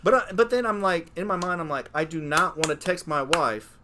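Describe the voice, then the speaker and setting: A man in his late thirties co-hosting a podcast, telling stories in a casual, profane, animated way. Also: fairly high pitch, fairly quick, noisy background. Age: 30s. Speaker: podcast co-host. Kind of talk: casual chat.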